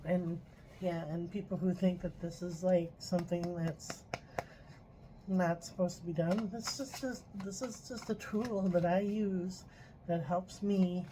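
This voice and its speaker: A woman's voice: on the low side, noisy background. A woman talking in an earnest, frustrated personal vlog, doing a tarot reading and stopping now and then to apologize. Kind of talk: emotional personal vlog monologue.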